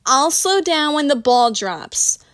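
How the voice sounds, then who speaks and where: A woman voicing a brash, tipsy party woman from Queens who talks loud and swaggering. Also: sits high, sing-song, takes it slowly, no room sound, voice pushed up, heavily acted.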